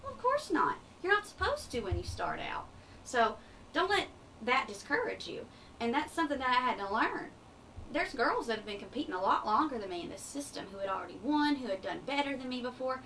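Young woman, soft eastern kentucky drawl, earnest upbeat radio guest, sounds kinda distant w light hiss. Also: high voice, big pitch swings. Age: young adult. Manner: earnest, upbeat, quick to laugh. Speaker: pageant titleholder guest. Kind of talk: radio interview. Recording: distant mic with faint background noise.

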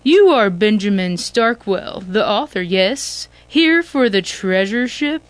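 A woman's voice: medium pitch, animated, slow, no room sound. Brief: a woman playing a pushy suited driver, short and firm, brooks no refusal. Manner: firm, curt. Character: insistent grown man, hired driver in a dark suit.

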